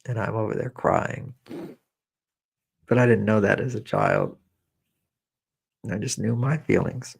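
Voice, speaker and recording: A man with a low, gravelly, husky voice leads a guided meditation. He talks slowly and repeats himself, gently coaxing listeners toward their feelings and weaving in memories of his own. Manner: slow, repetitive, gently coaxing with personal memories. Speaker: meditation teacher.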